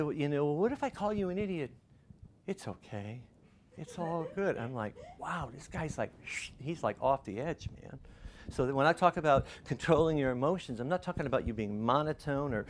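Male pastor, middle-aged, chatty storytelling sermon, mid-pitched voice. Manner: conversational, animated storytelling with restarts.

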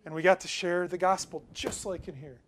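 In a high-pitched, steady tone and at a brisk pace, a male pastor preaches informally, recounting something that happened to him and moving back and forth between loud stress and soft asides.

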